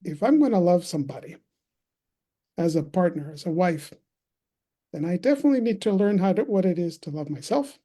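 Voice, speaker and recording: A man's voice: high voice, expressive, fairly quick, long pauses, dark tone. A man in his thirties speaking as a conference guest on a video call, telling a personal story in an earnest, reflective way. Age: 30s. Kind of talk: personal testimony talk.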